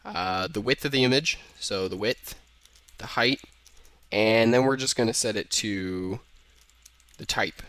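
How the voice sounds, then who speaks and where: A young man with a lowish, slightly bright voice narrates his code in a casual screen-recorded tutorial. He takes his time, leaving long pauses as he thinks aloud and corrects himself while keys click in the background.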